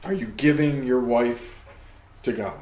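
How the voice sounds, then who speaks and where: A man hosting a faith podcast speaks at a middle pitch, preaching his points and checking in with the listener with quick tag questions. His voice sits in a roomy, echoey space. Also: a little mellow, slight background noise. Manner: preachy, peppers talk with "right?". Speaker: podcast host.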